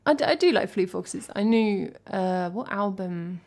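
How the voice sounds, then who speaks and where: A woman's voice: mid-range voice, animated, measured pace, a little mellow. An English woman from England, a music streamer chatting casually between songs, reading chat and thanking viewers in a chatty, self-deprecating way.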